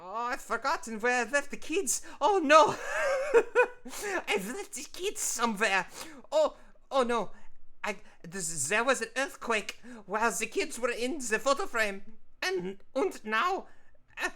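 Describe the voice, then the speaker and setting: A frantic cartoon picture frame from a children's show, wailing in a high, bright voice with a wobbly put-on accent, as a man puts him on. He swoops all over his range and drags out his cries of alarm. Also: animated, unhurried, full character voice. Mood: panicked. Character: panicky male picture frame, children's TV host.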